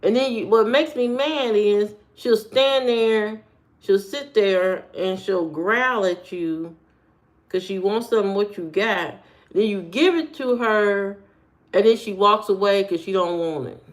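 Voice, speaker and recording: A woman's voice: mid-range voice, a little slow. An American woman streaming and answering chat in a sassy, joking, slangy way, talking straight to her viewers with frequent fillers. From United States. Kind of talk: casual chat.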